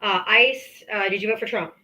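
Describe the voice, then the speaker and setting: A woman's voice: medium pitch, moderate pace, pushed and bright, low-quality recording. A woman hosting a livestream call-in, arguing politics bluntly and with profanity, cutting in on her guest. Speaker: livestream host. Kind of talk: heated political call-in debate.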